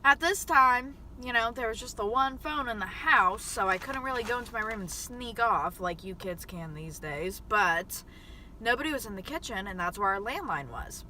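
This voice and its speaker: Young woman vlogging, super bright sharp voice, swears a lot, chatty and lively. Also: a little high, moderate pace, slight background noise. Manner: profane, chatty and animated. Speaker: mukbang vlogger. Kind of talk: casual storytelling to camera.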